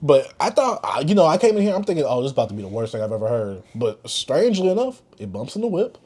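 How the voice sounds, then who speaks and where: A young man co-hosting a casual hip-hop podcast, animated, acting out quotes and laughing often. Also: mid-range voice, quick pace, slightly rough. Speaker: podcast co-host.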